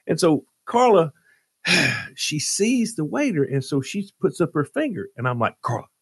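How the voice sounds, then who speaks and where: A man's voice: fairly high pitch, big pitch swings, a little slow, husky, dry recording, studio quality. A man telling a comic story on a radio show, dramatic and exasperated as he relives it. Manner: dramatic, jumps into loud exasperated retellings.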